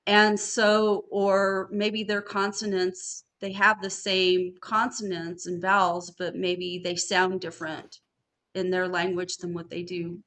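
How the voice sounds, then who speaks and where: Woman venting on a panel show, bright voice, swears a lot, loose and blunt. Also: lowish voice, little pitch movement, slow pace. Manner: blunt and swears freely, frustrated storytelling. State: studying for a master's degree. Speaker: podcast panelist. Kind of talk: casual chat.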